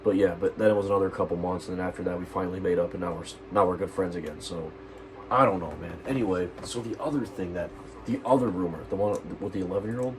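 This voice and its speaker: A man's voice: low-pitched, quick pace, low-quality recording. A teenage guy on a stream, ranting angrily and swearing a lot, rambling and restarting his sentences. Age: teens. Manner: agitated and profane, rambling with restarts. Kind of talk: angry personal rant.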